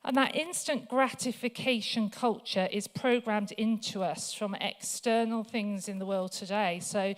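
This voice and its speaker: A woman's voice: mid-range voice, a little slow, few pauses. A woman speaking at a church, telling funny personal stories in a chatty way with many fillers before she turns to scripture. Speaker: guest speaker.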